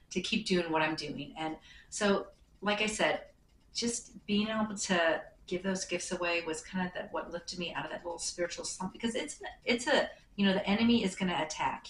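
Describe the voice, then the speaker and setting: A woman's voice: lowish voice, fairly bright tone. A middle-aged woman hosting a knitting and devotion show, telling a personal story in casual chat, rambling with fillers and restarts. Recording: echoey room with faint hiss.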